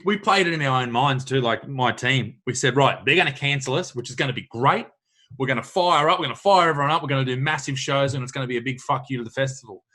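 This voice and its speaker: Australian host, young adult, bright forceful tone, blunt and sweary. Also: male voice, mid-range voice. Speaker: podcast host, comedian. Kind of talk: casual chat.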